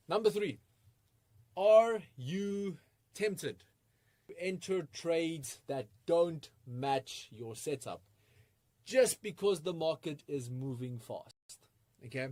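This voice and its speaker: An energetic man leads a live online webinar, firing off rhetorical questions and chuckling often. His voice sits a bit high for a man. The sound is close and dry, with no room around it. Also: no echo. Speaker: trading webinar presenter. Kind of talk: live online masterclass talk.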